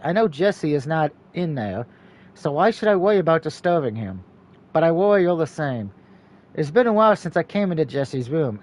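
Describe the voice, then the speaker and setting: A man streaming a story game, reading its text aloud and breaking off for quick, joking asides. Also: fairly high pitch. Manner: mixes steady reading with quick, jokey asides.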